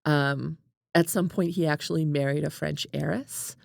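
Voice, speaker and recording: A woman's voice: sits low, moderate pace, vocal fry, no room sound, studio quality. A woman co-hosting a casual book podcast, retelling a life story with lots of "like" and quoted asides. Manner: animated storytelling, many "like"s. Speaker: podcast co-host.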